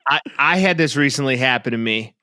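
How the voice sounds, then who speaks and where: Man, Chicago accent, young adult, podcast host, profane storytelling, bright tone, dry close sound. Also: mid-range voice, fairly quick, no echo. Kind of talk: casual chat.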